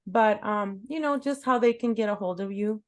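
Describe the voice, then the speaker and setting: A woman's voice: medium pitch, normal speed, a little mellow. A middle-aged woman hosting a casual chat interview, talking emphatically and repeating words for stress. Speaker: host.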